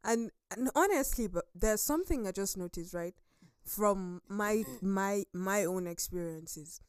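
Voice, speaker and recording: A woman's voice: medium pitch, expressive, unhurried, smooth, dry recording. A young adult woman sharing personal experiences on a studio talk show. She talks in a reflective, storytelling way. The sound is dry and close. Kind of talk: casual studio chat.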